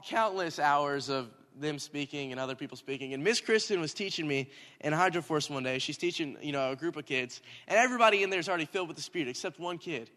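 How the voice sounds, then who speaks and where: A young man, a minister, telling a story in a lively sermon and rising to shouts at times. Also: a little high. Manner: animated, talks in circles, rising to shouts. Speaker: youth minister. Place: church hall. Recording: hall reverb.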